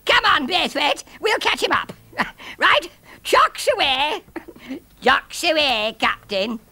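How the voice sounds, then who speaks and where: A man's voice: very high voice, very animated, takes it slowly, background noise, pitched above the performer's own voice, full character voice. A man voicing a hearty British fighter-pilot captain with an upper-class English accent and old-fashioned exclamations. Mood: jolly.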